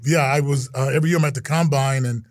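A middle-aged man, a guest in an interview, telling stories in a lively way and acting out the quotes. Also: mid-range voice, fast talker, no echo, studio quality. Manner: animated storyteller, acts out quotes, exclamations. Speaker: interview guest, retired football player. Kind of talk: casual interview storytelling.

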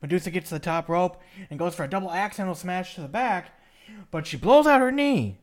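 A man's voice: high-pitched, expressive, a little fast. A man hosting a casual podcast chat, rambling through a recap with laughs and restarts. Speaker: podcast host recapping wrestling.

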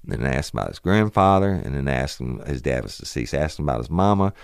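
A man's voice: rumbling low, a little fast, vocal fry, clear, resonant tone, dry recording, clean studio sound. A middle-aged man, hosting a podcast and telling a police story in a profane, rambling, casual way. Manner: profane, rambling, animated retelling of a police call. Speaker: podcast host.

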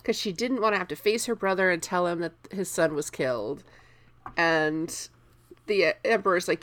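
A woman's voice: on the low side, normal speed, fairly bright tone. A woman chatting casually about a book, retelling scenes with playful put-on quotes and frequent laughter. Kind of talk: casual book discussion chat.

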